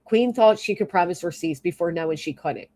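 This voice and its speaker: Speaking briskly in a lowish, warm, animated voice, a YouTube livestreamer vents her anger on stream. Her rant is profane and exasperated, punctuated by pauses to read chat messages and thank the people who sent them.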